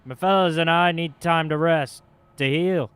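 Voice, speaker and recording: A man's voice: a little high, unhurried, a bit bright, clean tone, dry recording. A man voicing a stubborn, grieving dwarf cleric who speaks with bitter earnestness. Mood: resolute.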